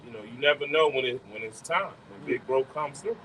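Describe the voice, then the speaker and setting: A man preaching earnestly to a group outdoors, repeating phrases for emphasis. His voice sits at an ordinary pitch. Loud outdoor noise runs behind him. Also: fairly quick, rough recording. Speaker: member of the group.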